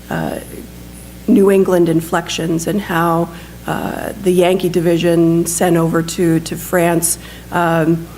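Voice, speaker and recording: A woman's voice: lowish voice, darkish tone, a little hiss or hum, rough recording. A woman presenting a book at a library talk, reading passages aloud and adding casual remarks with frequent ums. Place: library event room.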